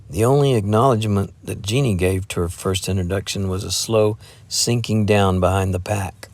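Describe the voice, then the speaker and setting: A man reading a story aloud as narrator, in a measured, even storytelling manner. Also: on the low side. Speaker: audiobook narrator. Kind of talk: scripted narration.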